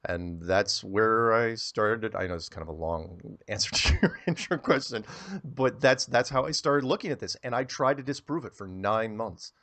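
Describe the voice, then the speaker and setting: This fairly low-pitched man speaks at a moderate pace, telling an interviewer a long, rambling story. He's animated throughout and often repeats words at the outset of a sentence.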